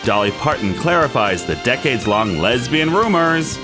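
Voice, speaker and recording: A man's voice: mid-range voice, very animated, moderate pace, over music. A man co-hosting a podcast, reading gossip headlines and promos with an arch, gossipy delivery. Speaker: podcast co-host. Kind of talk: show promo and casual chat.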